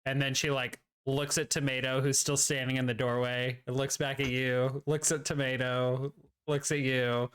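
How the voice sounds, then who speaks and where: A man's voice: mid-range voice, flat delivery, normal speed, a bit bright, clean tone. A man narrating as game master, rambling and searching for words with lots of fillers.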